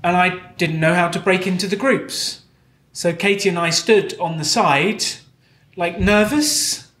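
A man's voice: high voice, a little slow, fairly bright tone. A man with a British accent telling candid, self-deprecating stories as a guest speaker at a live Q&A. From Britain. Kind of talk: live Q&A storytelling. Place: event hall with audience. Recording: echoey live venue.

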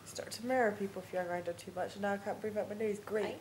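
A woman's voice: mid-range voice, rapid-fire, darkish tone. A woman contestant in a reality TV house, joking and giggling playfully with housemates late at night. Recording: echoey room with background noise.

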